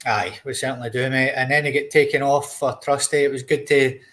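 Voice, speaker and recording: A man's voice: medium pitch, steady tone, brisk, fairly bright tone. A young Scottish man co-hosting a podcast, talking football bluntly and casually. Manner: blunt, says mate a lot. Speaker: podcast co-host.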